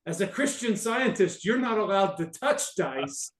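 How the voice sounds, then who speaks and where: A man voicing his sly friend in on a con, delivered deadpan. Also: high-pitched, unhurried, roomy sound.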